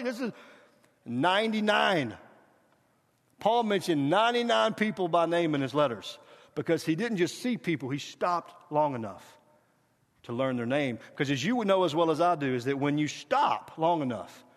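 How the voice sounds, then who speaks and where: A middle-aged man preaching a guest sermon, animated and urging the congregation to repeat after him, at times dropping to a quiet hush. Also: on the high side, moderate pace. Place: church sanctuary. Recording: reverberant church hall.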